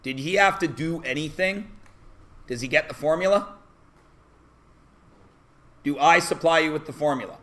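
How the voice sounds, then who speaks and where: A man's voice: fairly high pitch, moderate pace, long pauses, a bit bright. A man teaching a math class, asking the students questions and often answering them himself. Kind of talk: classroom lesson.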